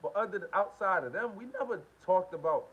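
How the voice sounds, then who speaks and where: A man's voice: sits high, lively intonation, fast talker, slightly rough. A man hosting a live stream, talking casually and repetitively in while reading viewer comments. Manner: venting, repetitive, slangy. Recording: dull lo-fi stream with faint hiss.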